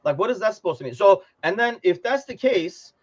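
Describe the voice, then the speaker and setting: Lively man on dull lo-fi audio. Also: high-pitched, a little fast. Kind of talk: casual fan podcast chat.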